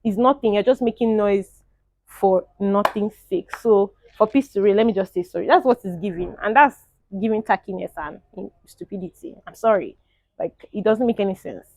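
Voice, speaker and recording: A young woman, giving animated, opinionated casual commentary as a show reviewer and laughing often. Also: mid-range voice, normal speed, no echo.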